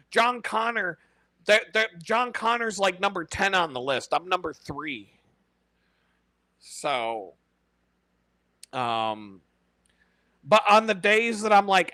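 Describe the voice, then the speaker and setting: A man hosting a casual live stream, talking in an animated, profane way and laughing often. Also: high voice, unhurried, long pauses, no room sound.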